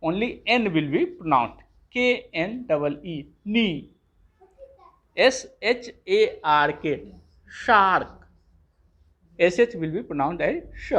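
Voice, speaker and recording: A teacher giving a phonics lesson to young children, spelling each word letter by letter and then saying it clearly. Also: mid-range voice, fairly bright tone.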